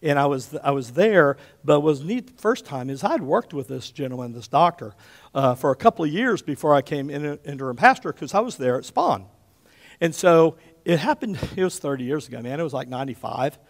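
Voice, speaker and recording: A man in his fifties preaching a sermon as pastor, telling stories with big swings between loud and hushed, often checking in with "okay?". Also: fairly high pitch, brisk. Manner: animated storyteller, often checks in with "okay?", drops to a hush for quotes.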